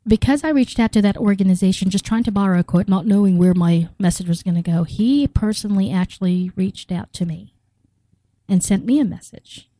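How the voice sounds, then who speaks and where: A woman's voice: medium pitch, fairly quick, mellow, rough recording. A middle-aged woman from the Philippines telling her own story in an interview, acting out the quoted dialogue and laughing often. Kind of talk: personal storytelling.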